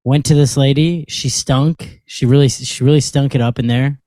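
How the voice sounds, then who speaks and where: A man's voice: mid-range voice, normal speed, dry recording. A man co-hosting a podcast, telling a story in casual chat with frequent laughs. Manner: animated storytelling, laughs often. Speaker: podcast co-host.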